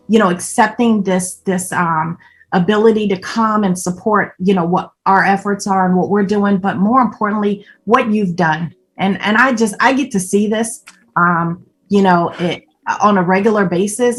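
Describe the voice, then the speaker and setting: A middle-aged woman hosting an online panel, praising and thanking a guest with effusive, emotional words, often repeating "more importantly". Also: medium pitch. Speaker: event host. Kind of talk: casual panel conversation.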